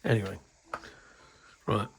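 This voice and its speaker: A middle-aged man from the UK chatting casually about his model kit, grumbling and exasperated, swearing under his breath. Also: takes it slowly. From United Kingdom. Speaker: scale model hobbyist. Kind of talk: casual hobby video chat. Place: indoors at a hobby workbench.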